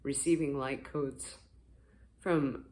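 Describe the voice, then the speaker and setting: A spiritual vlogger giving a casual morning talk to the camera, gentle, earnest and encouraging, rambling at times, with a voice a little rough from sleep. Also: medium pitch, fairly even intonation, slow.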